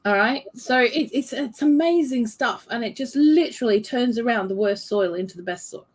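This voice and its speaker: Playful woman co-host on a live chat stream, high voice, laughs a lot. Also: lively intonation, moderate pace. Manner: playful teasing, laughs often.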